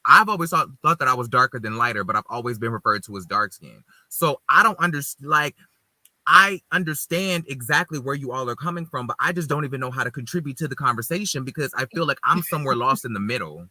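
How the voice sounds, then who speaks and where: A man's voice: mid-range voice, expressive, fast talker, bright, forceful tone, no echo. A man co-hosting a podcast in casual group chat, talking earnestly and rambling with many filler "likes". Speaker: podcast co-host.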